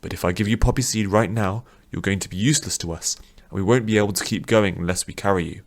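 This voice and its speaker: A man voicing a calm, patient old man who reasons gently with a troubled younger man. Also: lowish voice, quick pace, natural voice.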